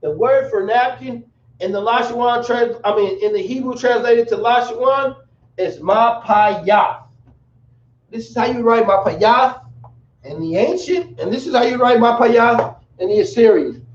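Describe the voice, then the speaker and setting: High-voiced man teaching in a roomy space. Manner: spells words out slowly, casual slang asides. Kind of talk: classroom language lesson. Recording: roomy, dull, from a distance.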